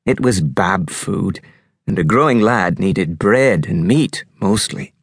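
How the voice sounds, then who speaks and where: A man narrating an audiobook in an unhurried, expressive storytelling manner. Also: low voice, husky, no room sound, clean studio sound.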